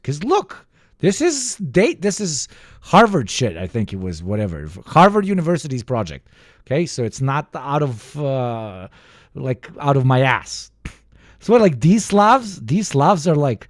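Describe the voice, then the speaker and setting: A man's voice: a little high, very animated, normal speed, no echo, clean studio sound. A young man from the former Yugoslavia giving a casual, profane, ranting reaction commentary and mimicking other people. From former Yugoslavia, Balkans. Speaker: reaction streamer.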